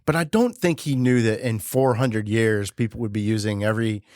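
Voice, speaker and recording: A man co-hosting a podcast in casual chat, telling stories in a relaxed way. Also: on the low side, normal speed, no echo, studio quality. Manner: relaxed storyteller, reading out old verses. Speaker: podcast co-host.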